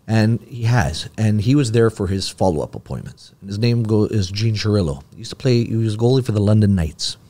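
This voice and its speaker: A man's voice: fairly low pitch, expressive, brisk, few pauses, mellow. A man, a podcast guest telling a long personal story in casual talk and acting out the dialogue.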